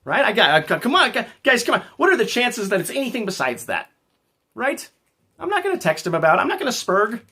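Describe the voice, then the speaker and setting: A man's voice: very high voice, huge pitch swings, quick pace, pushed and bright, slightly rough. A man hosting a casual livestream, rambling and joking as he talks back to his chat. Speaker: livestream host.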